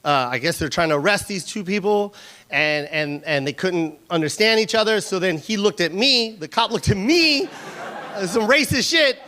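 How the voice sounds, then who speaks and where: Bright, high-voiced man doing stand-up. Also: moderate pace. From Los Angeles, USA. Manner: animated, stumbling restarts, laughs at own jokes. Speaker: stand-up comedian. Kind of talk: stand-up comedy set.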